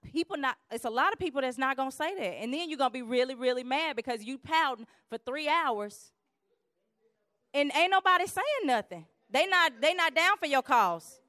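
A woman giving a lively church teaching on conflict, acting out quarrels in quick voices. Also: high voice, no echo, studio quality.

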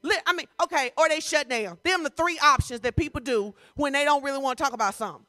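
Woman pastor, conversational sermon, bright and crisp voice, dry close sound, emphatic. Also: high voice, fast talker, no room sound. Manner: conversational, full of rhetorical questions; emphatic, rising to loud bursts.

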